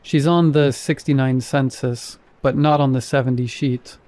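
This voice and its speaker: A curious adult sister in a storybook horror tale, as read by a man in his own mellow voice. She asks plain, practical questions. Her tone is unhurried and warm. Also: mid-range voice, steady tone, no echo, lightly acted.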